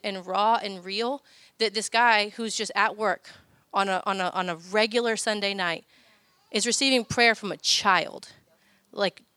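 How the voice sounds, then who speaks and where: A woman's voice: medium pitch, pushed and bright, dry recording. A woman in her thirties giving a chatty faith talk about family prayer, full of personal stories and fillers. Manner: chatty storytelling, many fillers.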